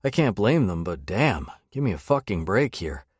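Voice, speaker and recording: Low-voiced man narrating a wry romance. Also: sing-song, normal speed, darkish tone, husky, no echo, studio quality. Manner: wry, sardonic inner monologue. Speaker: audiobook narrator. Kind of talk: first-person romance audiobook narration.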